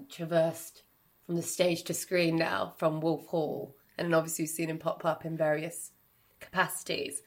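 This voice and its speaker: Woman, film podcast co-host, lower pitch, playful teasing manner. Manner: playful, teasing, stumbles over words. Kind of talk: casual film review chat.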